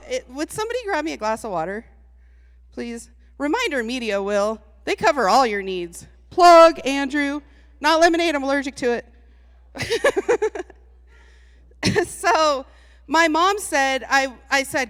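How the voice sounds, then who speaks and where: A woman giving a lively, comedic motivational talk to a live audience, chatty and teasing, laughing often. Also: high-pitched, moderate pace. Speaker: speaker at a live event. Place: large hall with an audience. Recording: long reverb from a large hall.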